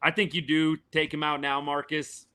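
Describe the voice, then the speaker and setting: Hoarse man reacting to a game live. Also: fairly high pitch, little pitch movement, moderate pace, pushed and bright. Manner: chatty, answers chat viewers by name, says y'all. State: voice worn and failing, a little quieter than usual. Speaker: podcast host doing live game reaction. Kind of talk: casual live sports reaction and commentary.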